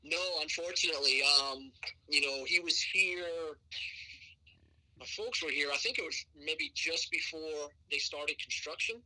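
A man in middle age with a mild Scottish accent, coaching college soccer and chatting on a podcast. His voice is very bright and sits a little high. He rambles easily, scattering "you know" through his answers. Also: a little slow, rough recording. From Scotland. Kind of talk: podcast interview.

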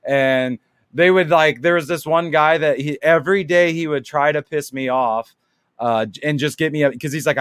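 A man's voice: fairly high pitch, normal speed, fairly bright tone, smooth, no room sound, clean studio sound. A laid-back man, a co-host, telling stories in casual chat and swearing freely.

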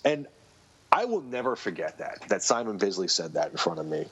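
A man's voice: low-pitched, very animated, brisk, a bit bright, slightly rough. Rambling man telling stories, lo-fi. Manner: rambling storyteller with frequent restarts. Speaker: guest, comic book writer. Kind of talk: casual podcast conversation. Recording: dull lo-fi recording.

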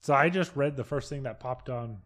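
A man co-hosting a casual podcast, talking loosely and excitably with frequent swearing. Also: mid-range voice, normal speed. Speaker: podcast co-host.

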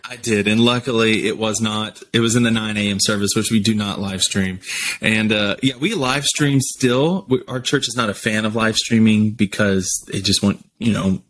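Male worship leader guest, low voice, easygoing and self-deprecating, faint background hiss on a remote line. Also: steady tone, moderate pace, a bit bright. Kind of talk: casual podcast conversation.

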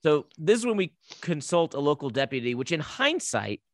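A man casually recapping a horror movie plot as a podcast co-host, telling it with lively asides. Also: fairly high pitch, moderate pace, no echo, studio quality.

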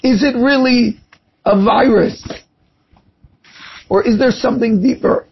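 Husky high-voiced man preaching. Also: unhurried, lo-fi sound. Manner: impassioned storytelling. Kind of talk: sermon with parable.

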